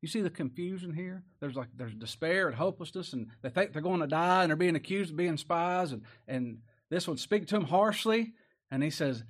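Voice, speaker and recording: Folksy male preacher, fairly high voice, chatty sermon with rhetorical questions. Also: expressive, brisk.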